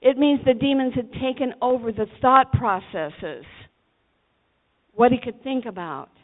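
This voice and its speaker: A woman's voice: a little high, unhurried. A woman preaching a sermon to teenagers, telling the story dramatically and acting out the voices. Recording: tinny phone-like recording.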